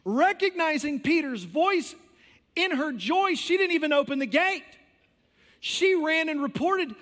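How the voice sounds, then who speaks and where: A man's voice: very high-pitched, normal speed, fairly bright tone. A man preaching an impassioned sermon as a pastor, with storytelling and conversational asides. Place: church sanctuary. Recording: long church hall reverb.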